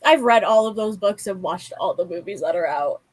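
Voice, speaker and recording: A woman's voice: mid-range voice, animated, brisk, no room sound, low-quality recording. A young woman hosting a casual book chat, rambling and leaning on lots of fillers. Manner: rambling, heavy use of filler like. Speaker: booktube host.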